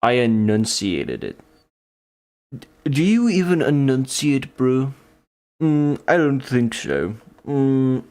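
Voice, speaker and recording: A man's voice: mid-range voice, sing-song, slow pace, pauses often, a little mellow, smooth. A man chatting playfully to himself while he draws, giggling often. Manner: giggly, playful self-talk. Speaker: online artist. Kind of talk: casual talk while drawing.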